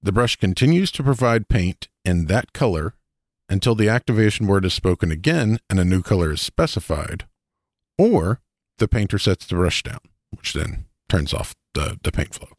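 Man, deep pitch, dry sound, easygoing podcast co-host explaining things. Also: lively intonation, normal speed, no echo. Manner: explains ideas step by step, easygoing. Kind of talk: casual podcast banter.

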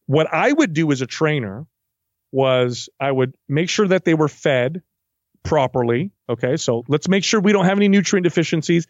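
A man's voice: medium pitch, no room sound. Man explaining fitness, slightly dull recording. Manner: animated, acts out client quotes. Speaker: fitness trainer guest. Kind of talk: casual interview talk.

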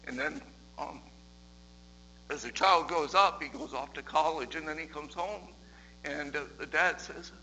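Guy preaching a sermon, high bright voice, loose and chatty, lots of restarts. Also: unhurried, pauses often, soft background music, rough recording. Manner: conversational, repeats words, builds in loudness and pitch toward the end. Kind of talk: sermon with storytelling.

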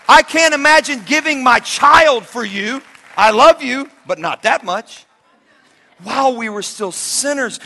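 A male preacher in his forties with a high, bright and ringing voice. He tells stories with big swings from shouted lines to hushed asides and keeps joking with the congregation in a loose, conversational way. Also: a little slow. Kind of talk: sermon with personal stories.

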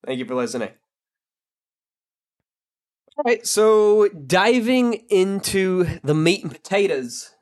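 A man hosting his own podcast, talking casually and candidly in a blunt, frank way that is laced with swearing. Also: fairly high pitch. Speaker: podcast host. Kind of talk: casual solo podcast monologue.

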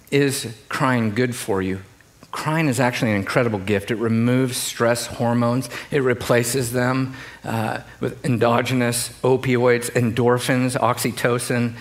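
A middle-aged pastor, preaching a sermon to a congregation in a conversational, joking way. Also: male voice, mid-range voice, a bit bright. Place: church in front of a congregation.

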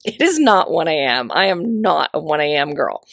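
A middle-aged woman hosts her motivational podcast in a raspy, gravelly voice. She talks with effusive energy, full of playful asides and emphatic repeats. The sound is dry and close, with no room around it. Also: sits low, big pitch swings, moderate pace, fairly bright tone, dry recording. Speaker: podcast host. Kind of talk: upbeat motivational podcast monologue.

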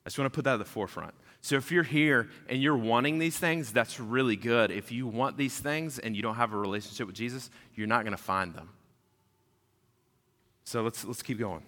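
A man, preaching a sermon in a casual, animated storytelling way. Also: mid-range voice, fairly quick. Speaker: pastor. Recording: long hall reverb.

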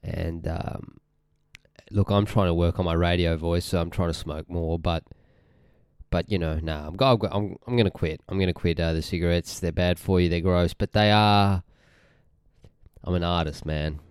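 A man's voice: sits low, fairly even intonation, normal speed, a little mellow, clear, resonant tone, dry recording, clean studio sound. A young Australian man hosting a podcast, ranting casually in a rambling, irritated, sweary way and often trailing off mid-sentence. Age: young adult. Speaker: podcast host.

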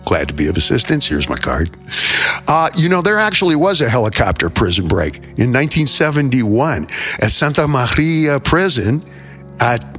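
A man's voice: mid-range voice, sing-song, normal speed, fairly bright tone, faint music behind. An older man hosting a show, telling rambling jokes in a theatrical, self-mocking way. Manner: theatrical, joking, self-mocking, wanders off topic. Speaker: host. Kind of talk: rambling comic monologue.

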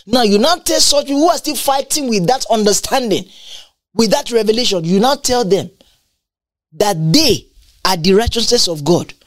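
A woman's voice: a little high, expressive, moderate pace, no echo. A woman preaching a sermon, emphatic and repetitive, asking rhetorical questions and laughing between points.

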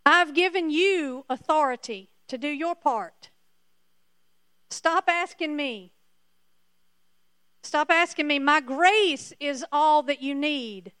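A woman voicing God as a firm, patient male deity who scolds gently. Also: sits high, slow pace, long pauses, dry recording, clean studio sound.

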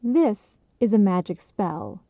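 A woman reading a story gives a kindly, impish old man sage a gentle, patient voice, heard over a tinny phone-like sound. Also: mid-range voice, lively intonation, slow, creaky, no echo, heavily acted.

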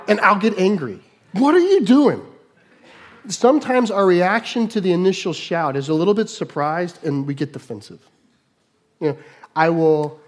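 A middle-aged man preaching a sermon, moving between loud mock shouts and quiet asides. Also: on the high side. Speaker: pastor.

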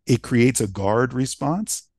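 Guy chatting about sales calls, animated, acts out lines, dry mic. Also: medium pitch, takes it slowly, breathy edge, dry recording. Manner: animated storytelling, acts out quoted voices. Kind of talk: casual conversation.

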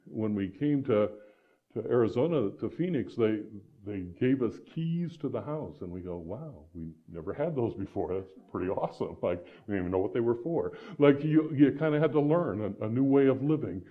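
A man's voice: medium pitch, phone-quality sound. A man from Iowa preaching a conversational sermon as pastor, with frequent restarts and "right?" asides. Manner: conversational, many restarts and tag questions.

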